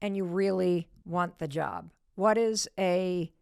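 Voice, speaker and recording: A woman's voice: fairly low pitch, takes it slowly, vocal fry, a little mellow, smooth, dry recording, clean studio sound. A woman hosting a podcast interview, prompting her guest with short questions. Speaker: podcast host.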